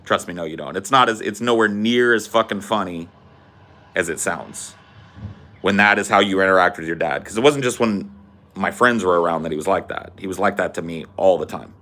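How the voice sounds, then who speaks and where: With a deep, bright, forceful voice and a slightly fast pace, this young podcast host tells a meandering, profane story loaded with fillers and casual cursing.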